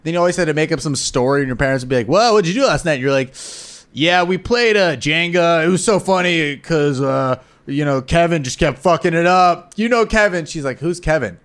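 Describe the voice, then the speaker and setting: A man's voice: a little high, animated, brisk, hardly any pauses, fairly bright tone, clear, resonant tone. A man in his thirties co-hosting a podcast, chatting sarcastically and with a lot of profanity, acting out mocking voices. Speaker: podcast co-host. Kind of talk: casual comedic chat.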